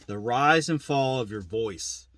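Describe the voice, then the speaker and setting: On a very noisy recording, a turkey hunting instructor with a medium-pitched voice speaks slowly. He gives a plain-spoken, casual demo lesson on turkey calling, repeating his points as he goes.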